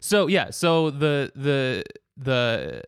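A man chatting casually, rambling with halting restarts and laughing as he goes. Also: medium pitch, very animated, smooth, no room sound, studio quality. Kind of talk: casual chat.

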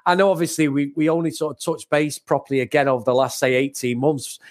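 A man from England with a slightly high, level-toned voice talks fast. Co-hosting a comics podcast, he chats casually and enthusiastically, laughing often and repeating words.

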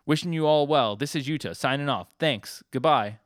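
A man's voice: on the high side, moderate pace, no room sound, clean studio sound, pitched above the performer's own voice, natural voice. A man reading a comic's earnest teenage boy recording a farewell video, in an earnest sign-off delivery.

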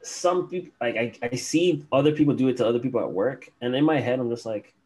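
Man, medium pitch, casual chat, laughs often, storytelling. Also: fairly quick, darkish tone. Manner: laughs often, acts out quotes.

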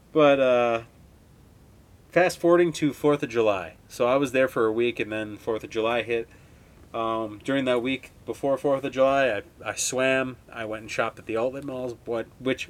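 A man's voice: mid-range voice, moderate pace. Rambling, foul-mouthed young man. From Wisconsin. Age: 20s. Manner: rambling, heavily profane, laid-back. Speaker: podcast host. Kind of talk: casual storytelling monologue.

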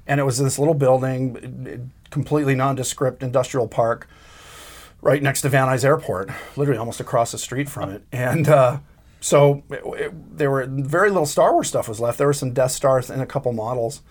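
A man in his sixties, a creature effects artist and interview guest, telling animated stories about his career, acting out quotes and laughing often. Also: mid-range voice, moderate pace. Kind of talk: storytelling interview.

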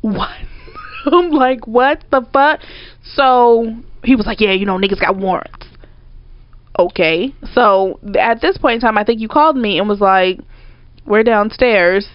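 A woman retelling a story in a casual chat, blunt and profane, with an animated delivery. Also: mid-range voice, normal speed. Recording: dry, slightly dull recording.

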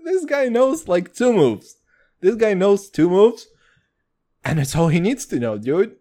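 A young man hosting a podcast in a casual, excitable chat, swearing freely and calling everyone "dude". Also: high-pitched, a little slow. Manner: excitable, profane, says "dude" constantly. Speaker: podcast host.

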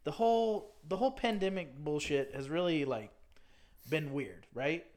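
A man's voice: on the high side, lively intonation, normal speed, darkish tone. A young man with a slightly raised voice rambles on a podcast. His speech is loose and full of fillers and restarts as he tells a story. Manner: filler-heavy, rambling with many likes. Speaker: podcast co-host. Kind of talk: casual podcast chat.

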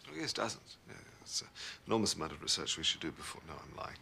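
A man voicing a dry, sardonic middle-aged male librarian with a deadpan, teasing delivery. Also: very deep voice, fast talker, gravelly, slight background noise, voice pushed down, exaggerated voice. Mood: dryly mocking.

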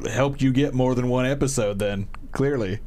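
A man's voice: mid-range voice, moderate pace, dark tone. A man hosting a casual interview, mostly answering with short agreeing remarks. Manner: brief affirming interjections.

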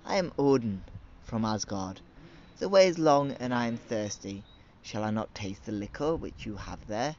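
A man's voice: fairly low pitch, expressive, normal speed, darkish tone, dull audio, close to an everyday voice. A man doing Odin, a stern old god. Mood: gentle.

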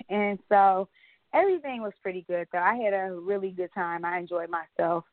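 A woman's voice: medium pitch, brisk, no room sound. Chatty woman on a tinny phone line. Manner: chatty storyteller, animated retellings, frequent laughs. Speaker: podcast co-host. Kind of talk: casual chat.

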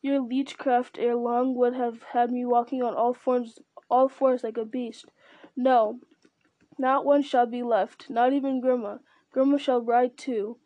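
A woman's voice: fairly high pitch, level tone, unhurried, mellow, no echo, lo-fi sound, lightly acted. A woman reading as a stern aging king.

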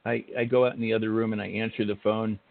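Gravelly older host, chatty and rambling. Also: male voice, on the low side, flat delivery, quick pace, dry recording. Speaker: interview host. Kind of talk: casual interview chat. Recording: phone-like narrow audio.

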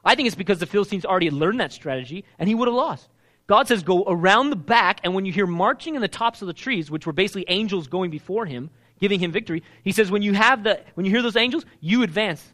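A man's voice: high voice, fast talker. A man preaching a sermon, asking the congregation questions and acting out the lines he quotes. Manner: animated, asks the crowd questions, acts out quoted lines.

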